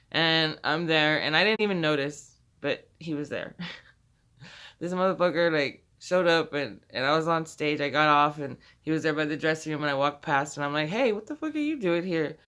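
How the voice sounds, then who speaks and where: Bright-voiced woman telling a rambling story. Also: low voice, smooth. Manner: profane, rambling, laughs often. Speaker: vlogger telling a personal story. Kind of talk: casual storytelling.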